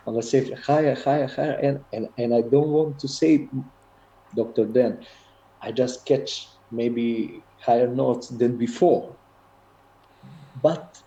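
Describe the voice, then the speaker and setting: Brief: unwell man, hesitant broken English, slow mellow voice, video call. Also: mid-range voice, a little hiss or hum. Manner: halting, repeats words, broken English. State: ill, on antibiotics. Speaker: voice student. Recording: roomy, muffled video call audio.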